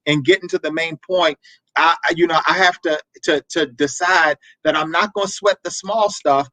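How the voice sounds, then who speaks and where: Animated preacherly man hosting an advice show. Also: a little high, normal speed, no room sound, rough recording. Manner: preacherly, repeats words, animated asides. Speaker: marriage talk show host.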